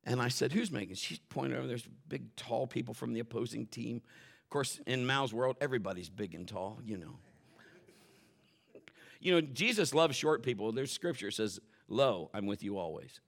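A middle-aged male pastor preaching a sermon, telling family stories in an animated way and acting out the voices of the people in them. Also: medium pitch, normal speed, creaky. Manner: animated storytelling, acts out quotes and shouts for effect.

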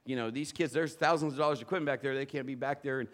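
Bright-voiced preaching man. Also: mid-range voice, rapid-fire. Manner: animated storytelling, playful quoted voices. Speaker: pastor. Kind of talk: sermon with personal stories.

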